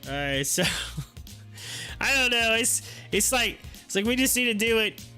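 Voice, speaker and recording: A man's voice: extremely high pitch, expressive, unhurried, sharp tone, soft background music. A man hosting a stock market live stream, chatting casually, rambling, teasing his viewers and laughing often. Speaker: stock market livestream host.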